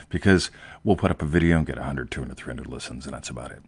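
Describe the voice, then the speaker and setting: A man's voice: sits low, quick pace, darkish tone, slightly rough, no room sound. Man, host, rambling emphatic casual talk, dry close sound. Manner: rambling, emphatic, repeats "right?", swears casually. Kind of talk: casual chat.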